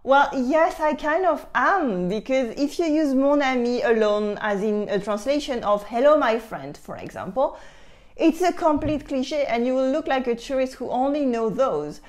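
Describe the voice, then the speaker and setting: A French woman in her thirties with a French accent, teaching French in a lively, playful way with exaggerated examples. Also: high-pitched, normal speed. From France. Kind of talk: online language lesson.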